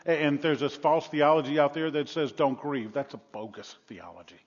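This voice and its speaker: A man pastor preaching a sermon, moving between quiet, hushed stretches and loud, emphatic passages with humor. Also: fairly high pitch, moderate pace. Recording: long reverb, dull lo-fi sound.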